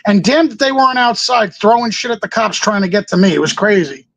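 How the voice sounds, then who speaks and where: A man with a notably high speaking voice talks as a guest on an interview show. He rambles loosely through his stories and laughs often. He voices the other people in each scene as he goes. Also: brisk, vocal fry, rough recording. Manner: animated storyteller acting out what others said. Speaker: guest, pro wrestler. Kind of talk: casual interview storytelling.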